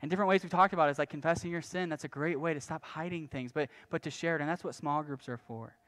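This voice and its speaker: A pastor preaching a sermon in a casual, conversational way, often restarting phrases and adding light asides. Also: male voice, a little high, fast, a bit bright. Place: church.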